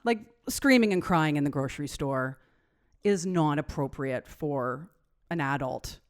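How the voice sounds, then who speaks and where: A woman co-hosting a casual podcast, walking through research points and affirming her partner with quick yeps. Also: deep voice. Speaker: podcast co-host.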